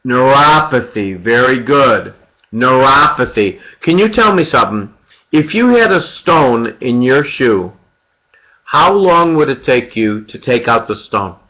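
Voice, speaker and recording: A man's voice: medium pitch, expressive, slow, pauses often, bright, forceful tone. A man giving an interactive surgery lecture, quizzing students by name and repeating key points. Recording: dull lo-fi lecture recording.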